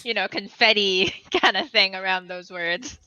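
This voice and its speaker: A woman's voice: medium pitch, a little slow, pushed and bright, clean tone. A woman player describing her character's actions in a tabletop game, giggling and hesitating often. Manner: giggly, hesitant, full of fillers. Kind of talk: casual tabletop play. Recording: dry lo-fi mic.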